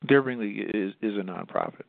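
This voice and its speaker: A man from a nonprofit answering interview questions, speaking haltingly with many restarts and fillers. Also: lowish voice, creaky, background noise. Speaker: nonprofit representative. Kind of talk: interview over the phone. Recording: tinny phone line.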